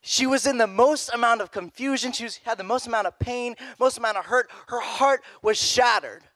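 A young man preaching a youth sermon in a casual, animated way, repeating phrases. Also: very high-pitched, moderate pace, no room sound. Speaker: youth pastor.

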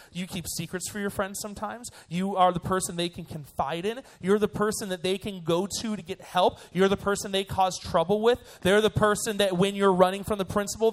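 A young man, a youth pastor, giving a joking, animated sermon to students. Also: high voice. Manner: animated and joking, acts out voices.

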